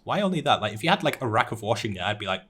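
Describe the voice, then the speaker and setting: A man's voice: on the low side, sing-song, very fast, fairly bright tone, slight background noise. Chatty young man recapping anime plots. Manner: rambling recap with frequent "uh" and restarts, laughs at his own jokes. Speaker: podcast co-host recapping anime episodes. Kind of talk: casual chat.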